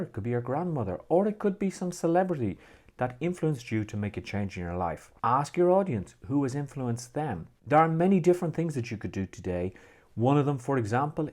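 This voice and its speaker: A man with an Irish accent presenting a marketing tutorial video with lively, swooping emphasis. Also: medium pitch.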